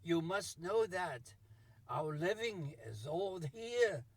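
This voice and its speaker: A nervous wine-shop worker pleads his refusal, as a man puts him on while telling a story. His voice is high and husky, and it carries apologetic worry. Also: lively intonation, slow pace, dry recording, exaggerated voice. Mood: pleading.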